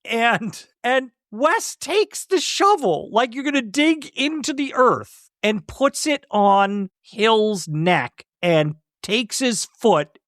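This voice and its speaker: A man's voice: very high voice, lively intonation, takes it slowly, hardly any pauses, fairly bright tone, no echo, clean studio sound. A man co-hosting a podcast, explaining film technique in casual chat and laughing often. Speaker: podcast co-host.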